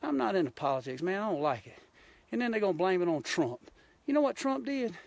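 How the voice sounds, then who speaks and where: Outdoors on a mountain, a hunting show host from Georgia with a Southern accent rants passionately on a live stream, blunt and folksy, filmed on a handheld phone. His high, creaky voice is sing-song, fairly quick and a little mellow, in a dry recording.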